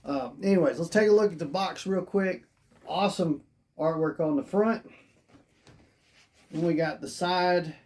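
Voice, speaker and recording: A hoarse toy reviewer who says they are losing their voice, narrating an unboxing in a chatty, rambling way and thinking out loud. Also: medium pitch, unhurried, pauses often.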